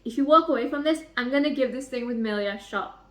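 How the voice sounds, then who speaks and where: A woman reads a blunt, teasing young man who swears freely and pushes his point hard. The voice stays fairly high, a bit lower than her own chatter, as she reads the lines straight from the book. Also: fast talker, echoey room. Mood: cocky. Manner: read aloud from a novel, slightly lower and flatter than her chatter.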